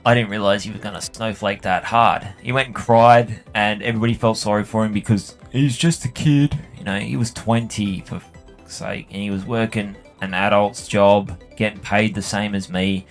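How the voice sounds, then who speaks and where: A man's voice: fairly low pitch, fairly bright tone. A man telling a long, profane story about work while he plays a game. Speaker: gaming channel host. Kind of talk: rambling anecdote while playing a game.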